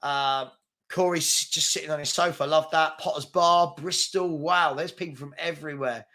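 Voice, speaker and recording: A young man with a London accent hosting a live football chat, chatty and quick, reading out viewers' comments and places. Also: fairly high pitch, steady tone, pushed and bright. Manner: fast-talking, chatty, reads out names and places.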